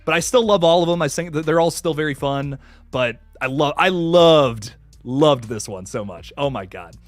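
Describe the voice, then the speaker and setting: A man's voice: fairly high pitch, a little fast, no echo, soft background music. A young man hosting a casual live stream, greeting chatters with hype and swearing casually. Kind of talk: casual live stream chat, reading comments.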